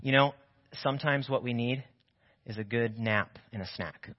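A man preaching a sermon as pastor, telling a Bible story with animated, acted-out voices. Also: medium pitch, moderate pace. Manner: animated storytelling, acts out biblical figures' voices. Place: church sanctuary. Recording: muffled audio in a reverberant church.

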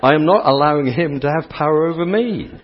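English priest, middle-aged, teasing the congregation, dull lo-fi recording with a long church echo. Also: male voice, a little high, animated, quick pace. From England. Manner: playful, teasing, chatty with the congregation. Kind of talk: interactive sermon with volunteers.

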